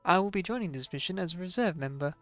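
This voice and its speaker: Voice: mid-range voice, animated, fast talker, fairly bright tone, no echo, faint music behind, lightly acted. A streamer reading a curt female construct. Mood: matter-of-fact. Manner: curt, matter-of-fact.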